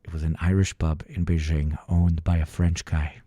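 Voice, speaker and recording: A man's voice: a bass voice, level tone, normal speed, mellow, slightly rough, dry recording. A young man from the Balkans, livestreaming, telling a rambling, profane story to his chat. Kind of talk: casual chat with viewers.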